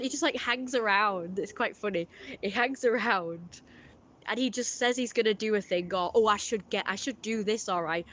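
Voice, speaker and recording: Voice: medium pitch, a bit bright, a little hiss or hum. Rambling streamer, chatty. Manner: rambling, chatty storytelling with many fillers. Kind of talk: casual live-stream chat.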